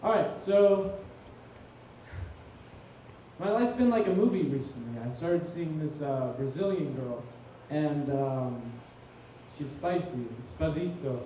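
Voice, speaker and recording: A man doing a stand-up set, telling a story about his girlfriend and roommate with animated, rambling delivery. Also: on the high side, slow, a little hiss or hum. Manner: animated storytelling, swings loud for acted quotes. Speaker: comedian. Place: comedy club stage. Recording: echoey room from far off.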